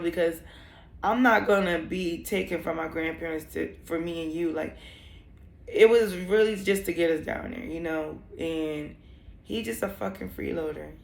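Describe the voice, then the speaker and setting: A woman's voice: fairly low pitch, fairly even intonation, normal speed, gravelly, roomy sound. A young woman telling a personal story in a vlog, candid and emotional, rambling with many fillers. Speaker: vlogger.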